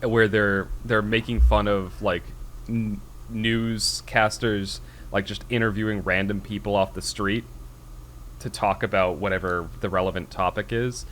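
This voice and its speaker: A man with a lowish voice rambles through casual podcast chat, laughing at his own stories. He restarts sentences often, and a faint hiss sits under the recording. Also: fairly even intonation, a little slow, fairly bright tone. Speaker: podcast co-host.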